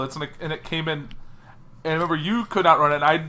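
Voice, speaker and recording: A man's voice: on the high side, fast talker. A young man co-hosting a podcast in casual chat, recounting a trip and acting out his own remarks. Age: young adult. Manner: animated, acts out what he said in the moment. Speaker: podcast co-host.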